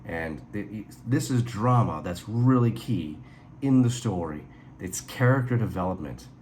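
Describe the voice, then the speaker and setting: A man with a deep, low voice talks through a casual review, rambling and animated as he retells events and jumps into asides. A faint hiss sits under the recording. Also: measured pace. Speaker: reviewer and author.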